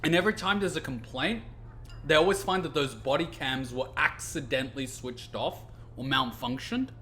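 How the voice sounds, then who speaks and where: A man's voice: a little high, moderate pace, slight background noise. A man hosting a let's play, telling stories and ranting in casual commentary, swearing freely. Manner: animated, ranting storyteller who swears freely. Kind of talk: casual commentary over gameplay.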